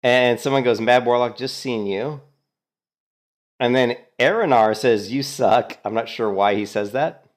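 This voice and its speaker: A man in the middle pitch range talks through a game session in a relaxed, chatty way. He sounds amused as he reads out and retells what other players said in chat. His tone stays loose and unscripted. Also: unhurried. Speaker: game streamer. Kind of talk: casual gameplay commentary.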